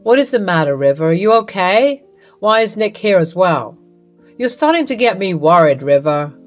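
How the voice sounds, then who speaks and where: A woman's voice: lowish voice, big pitch swings, normal speed, faint music behind. A woman voicing an adult husband caught between his wife and his mother, speaking in an exasperated, questioning way. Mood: concerned.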